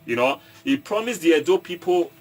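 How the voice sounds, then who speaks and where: A man's voice: a little high, animated. A Nigerian man with an Edo State accent, an entertainer addressing his viewers in a casual monologue, stopping and restarting often and slipping into Pidgin. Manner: halting, repeats and restarts, mixes in Pidgin, asks viewers if they follow. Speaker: online commentator and entertainer.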